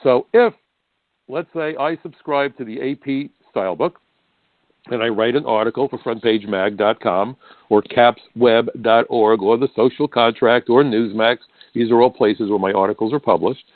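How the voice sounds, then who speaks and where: A man's voice: mid-range voice, normal speed, no echo. Indignant older man on talk radio. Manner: emphatic, indignant, addresses listeners directly. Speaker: radio talk show host. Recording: dry, phone-like narrow band.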